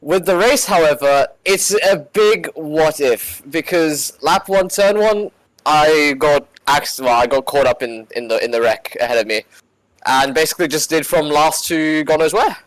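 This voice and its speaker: Wry, halting racing driver, dry sound. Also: male voice, on the high side, animated, dry recording, rough recording. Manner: halting, self-interrupting, wry. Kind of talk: casual post-race interview.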